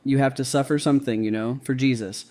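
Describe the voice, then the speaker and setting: A gentle male guardian angel, as a man reading the story puts him on, speaking softly and patiently as he corrects and comforts. The voice is mellow and dark, never raised. It suits a calm devotional storybook reading. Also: mid-range voice, quick pace, close to an everyday voice. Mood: gently admonishing.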